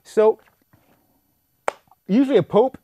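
A man's voice: high voice, takes it slowly, dark tone, a little hiss or hum. A man co-hosting a podcast, chatting casually and asking lots of curious questions, laughing easily. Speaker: podcast co-host. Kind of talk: casual chat.

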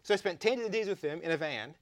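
A young man with a Canadian accent hosts a comedy talk show, reading viewer tweets aloud in a playful way. His voice sits high and swings widely in pitch. The sound is dry and close, with no room echo. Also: animated, fast. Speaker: host.

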